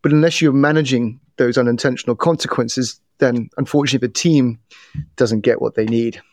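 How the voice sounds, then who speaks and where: Middle-aged man, podcast guest, animated storytelling, frequent restarts, dry close sound. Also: medium pitch, brisk, no room sound. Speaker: podcast guest, bias trainer. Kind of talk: casual interview talk.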